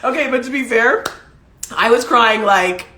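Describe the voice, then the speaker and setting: A woman's voice: on the high side, a little slow, bright, forceful tone, roomy sound. A woman hosting her own livestream, talking to viewers in an emotional, tearful, effusive way. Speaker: livestream show host. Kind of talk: solo livestream talk to viewers. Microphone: desk setup with ring light.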